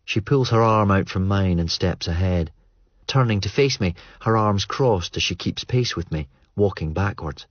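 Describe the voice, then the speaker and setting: Deep, husky male audiobook reader; measured, understated narration, dry close mic. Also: dry recording, dull audio. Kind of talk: scripted narration.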